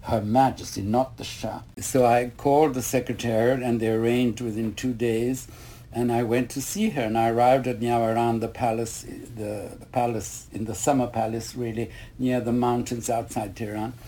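Older man, interviewee, mellow, rambling anecdotal storyteller full of asides. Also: medium pitch, flat delivery, moderate pace. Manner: rambling anecdotal, quotes others, many asides. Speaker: interviewee, retired ballet master.

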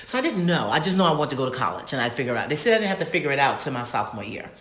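A woman's voice: extremely low pitch, racing. A middle-aged woman from North Carolina, an actress and singer, telling stories in an interview and acting out voices as she goes. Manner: animated, acts out voices in her stories, laughs often. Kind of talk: casual interview storytelling. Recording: echoey room.

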